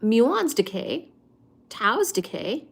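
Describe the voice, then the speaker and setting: A woman hosting a casual study-with-me livestream, chatty and expressive as she reads and answers viewer comments. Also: fairly high pitch, slow, vocal fry, breathy edge. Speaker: livestream host.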